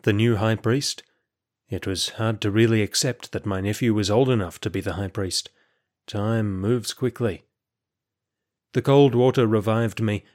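Brief: male audiobook narrator, lowish pitch, measured first-person storytelling.

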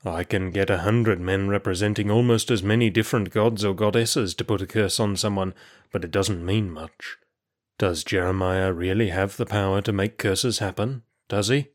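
Brief: male narrator doing a soft-spoken, level-headed guard; low and hushed. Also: fairly even intonation, moderate pace, close to an everyday voice. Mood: calm. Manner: soft, placating. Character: calm, sympathetic male prison guard.

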